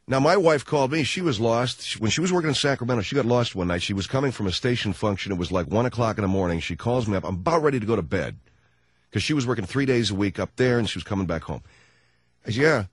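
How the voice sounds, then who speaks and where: A man hosting a radio call-in show, telling a story with lots of energy and acting out both sides in a high mock voice. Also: expressive, fast talker, slightly rough, dry recording. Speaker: radio talk show host.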